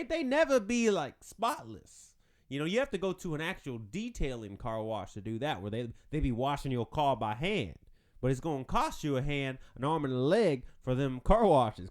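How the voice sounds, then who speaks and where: Podcast host, man, casual comic riffing, lively up-and-down delivery, slightly high voice. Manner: animated, rambling, laughs at his own jokes. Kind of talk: casual comedic monologue.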